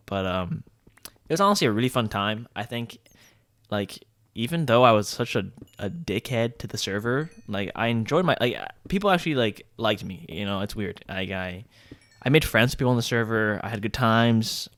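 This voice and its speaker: A man's voice: on the low side, fairly bright tone, no echo. A young man telling a casual gaming story in a rambling, joking way, full of filler words. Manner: laid-back and joking. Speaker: gaming vlogger.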